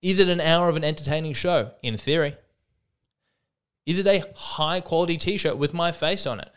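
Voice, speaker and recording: A man's voice: on the high side, normal speed, a bit bright, smooth. A man hosting a solo comedy podcast, talking in a wry, self-mocking way and acting out the voices in his jokes. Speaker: podcast host.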